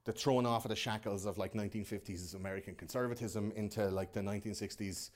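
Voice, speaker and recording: A man's voice: lowish voice, steady tone, quick pace. A young man with a Liverpool accent, hosting a podcast in front of a live audience and ranting casually with lots of swearing. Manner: loose and profane, mocking put-on voices.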